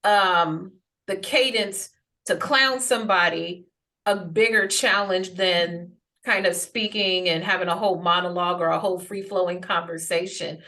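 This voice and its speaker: A woman's voice: on the low side, steady tone, moderate pace, sharp tone. A woman hosting an interview, asking long, rambling questions full of fillers. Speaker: host. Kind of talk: interview conversation.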